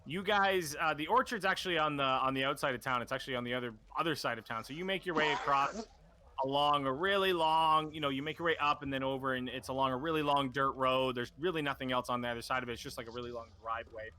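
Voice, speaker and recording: A man's voice: mid-range voice, quick pace, bright, forceful tone. A man narrating a tabletop game as game master, rambling with many fillers and restarts.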